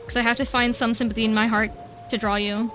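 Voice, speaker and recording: A woman's voice: a little high, little pitch movement, fast talker, fairly bright tone, soft background music. A young woman streaming at home, chatting casually with viewers while she draws and cooing at her cat. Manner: bubbly, chatty, coos baby talk at her cat. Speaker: vtuber streamer. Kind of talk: casual livestream chat while drawing. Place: home room.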